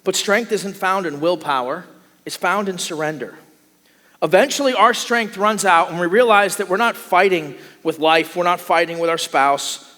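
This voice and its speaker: In a church sanctuary, a pastor delivers a sermon at a moderate pace, his high-pitched, bright voice growing animated as he takes on the voices of the people he describes. His words echo into a long hall reverb.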